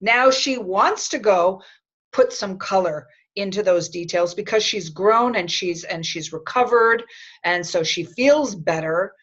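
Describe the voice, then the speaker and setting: A woman's voice: mid-range voice, measured pace, a bit bright, breathy edge, muffled recording. A woman hosting a writing webclass, coaching participants in an encouraging, reassuring way over a video call.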